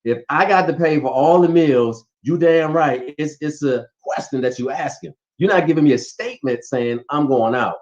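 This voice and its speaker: A man's voice: on the high side, normal speed, hardly any pauses, darkish tone. A man talking animatedly and teasingly in a casual chat about relationships, giving advice with playful emphasis. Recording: dull lo-fi sound.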